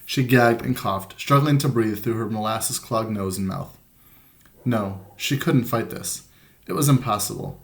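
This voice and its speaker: A man, a teacher, reading a children's novel aloud to his students in a plain, unhurried way, lightly voicing the dialogue, then going over the day's plan. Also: on the low side, vocal fry. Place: room at home with a printer nearby.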